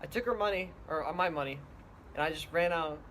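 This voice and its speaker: A man telling his side of the story in halting, plain sentences. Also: on the high side, crowd noise. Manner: halting, plain recounting with restarts. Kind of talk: casual chat.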